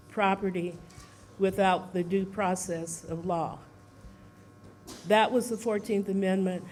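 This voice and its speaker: A speaker giving an informal talk at a seminar, out of breath, pausing often on fillers and putting questions to the audience. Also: medium pitch, slight background noise. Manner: halting, many fillers, asks the audience questions.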